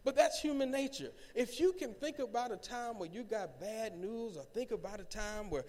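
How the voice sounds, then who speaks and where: A male pastor with a high voice preaches to his congregation. He builds in volume and calls on the people to answer back. His voice rings with the long reverb of a church sanctuary. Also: lively intonation, normal speed, darkish tone. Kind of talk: sermon.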